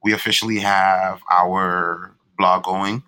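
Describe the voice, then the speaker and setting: A man's voice: low voice, flat delivery, takes it slowly, bright, forceful tone, rough recording. A young man co-hosting a casual couple podcast, laid-back and profane, laughing often. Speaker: podcast co-host.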